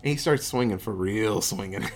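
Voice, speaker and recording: A podcast co-host giving an excitable, profane, casual movie recap. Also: mid-range voice, normal speed. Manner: excitable, profane, laughing often.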